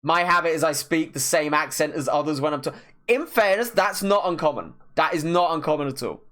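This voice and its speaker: Man, art streamer, casual chat, slow deliberate delivery, pauses, rambling restarts. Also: on the high side, fairly bright tone.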